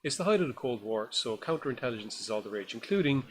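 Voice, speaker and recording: A man's voice: mid-range voice, lively intonation, quick pace, a little hiss or hum. Enthusiastic rambling male podcast host. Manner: enthusiastic, rambling, swears casually. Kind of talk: casual film review chat.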